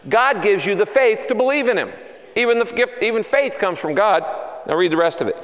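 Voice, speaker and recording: High-pitched pastor preaching in a reverberant hall. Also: male voice, fairly quick. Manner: animated storytelling, acts out quoted voices. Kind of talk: sermon.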